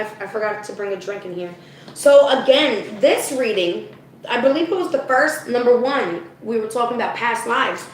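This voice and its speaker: A chatty woman does a live spiritual card reading and keeps talking straight to her viewers. Her voice sits a little high and is going hoarse. She is set back from the mic in a very echoey room with a faint hiss behind her. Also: far from the mic. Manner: chatty, addresses viewers as "guys", frequent "okay?". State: losing her voice.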